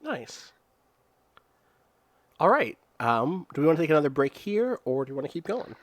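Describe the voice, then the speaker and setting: A man's voice: fairly high pitch, sing-song, moderate pace. A man playing a tabletop game in casual chat, rambling with many fillers and restarts as he describes his character's scene.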